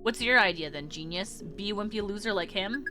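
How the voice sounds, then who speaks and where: A woman's voice: mid-range voice, brisk, lightly acted. A woman reading the part of a hot-tempered, defiant teenage girl aloud from a visual novel, in an angry, blunt manner. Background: game music.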